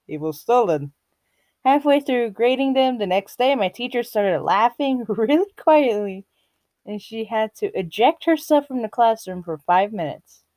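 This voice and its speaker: A woman's voice: a little high, warm tone, no room sound. A young woman vlogger casually reading internet posts aloud, giggly and often breaking into laughter.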